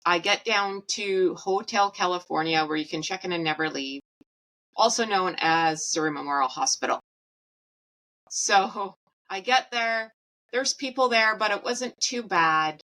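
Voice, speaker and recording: A woman's voice: on the low side, a little slow, pauses often, pushed and bright, poor audio. A woman in her thirties hosting a podcast, telling a personal story in a blunt, profane, casual way and laughing at her own jokes. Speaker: podcast host.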